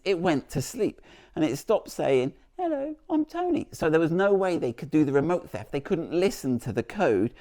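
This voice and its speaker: A man's voice: fairly high pitch, mellow. A man presenting a car vlog outdoors beside the vehicle, chatty and jokey, rambling with restarts as he demonstrates.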